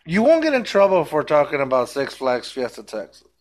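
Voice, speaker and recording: A man's voice: a little high, wildly swooping pitch, brisk, darkish tone. A man hosting a podcast in a laid-back way, laughing often and talking with hesitant fillers. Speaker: podcast host. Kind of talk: casual interview chat.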